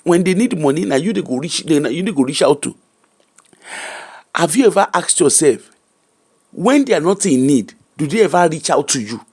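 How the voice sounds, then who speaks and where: Animated Nigerian man, high lively voice. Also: normal speed, long pauses, slightly rough. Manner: emphatic, repetitive, preacher-like. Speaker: host. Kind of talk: animated commentary mixing Pidgin and English.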